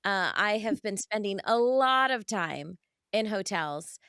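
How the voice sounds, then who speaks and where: A woman's voice: medium pitch, animated, slow, pushed and bright, clear, resonant tone, no echo, clean studio sound. A middle-aged woman co-hosting a podcast, chatting casually with emphatic, laughing delivery. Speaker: podcast co-host. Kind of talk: casual chat.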